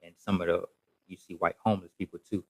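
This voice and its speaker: A man's voice: deep voice, flat delivery, fast talker, no echo, low-quality recording. A man ranting casually to camera in a rambling, repetitive, emphatic way. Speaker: social media commentator.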